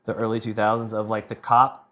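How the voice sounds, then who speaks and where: A man in his thirties, a band member on a podcast, rambling excitedly through a story and swearing freely. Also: on the low side, a little fast. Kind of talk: casual anecdote telling.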